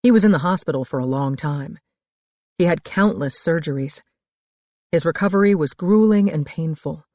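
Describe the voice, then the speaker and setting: A middle-aged woman narrating a first-person thriller audiobook in a calm, reflective storytelling manner. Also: low-pitched, normal speed, no room sound. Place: dry studio booth.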